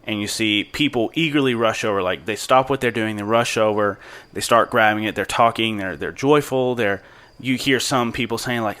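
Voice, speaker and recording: A man's voice: fairly low pitch, moderate pace, fairly bright tone. A man narrating as game master of a tabletop role-playing game, describing scenes in an easygoing, descriptive way.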